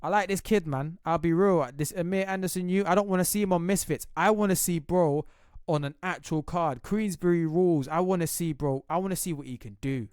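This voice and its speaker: A man's voice: fairly high pitch, fairly quick, a little mellow, smooth, dry recording, clean studio sound. A young British man giving a casual, slangy fight breakdown as a reaction vlogger, swearing freely.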